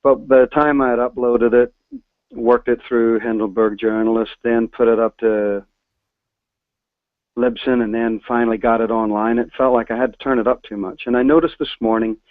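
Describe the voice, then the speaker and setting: A man calling in with a halting, self-conscious question about his recording setup, with frequent restarts. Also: lowish voice, no echo. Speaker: caller. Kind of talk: hesitant call-in question. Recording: tinny phone line.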